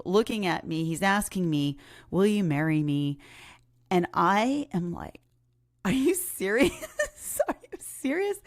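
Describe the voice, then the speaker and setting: A woman hosting a podcast, telling a personal story in a chatty, animated way, often laughing and acting out what people said. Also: medium pitch, no room sound, studio quality. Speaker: podcast host. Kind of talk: casual storytelling.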